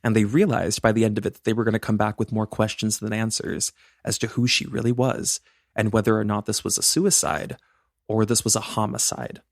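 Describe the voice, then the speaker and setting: Male true-crime podcast co-host, chatty and jokey, slightly low voice, dry booth sound. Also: level tone, fairly quick, gravelly, no echo. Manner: chatty and bubbly, jokes and rambles.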